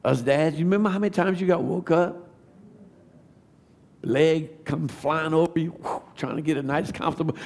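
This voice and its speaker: A man, giving a testimony sermon that builds to fervent shouting. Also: fairly high pitch, normal speed. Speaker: preacher.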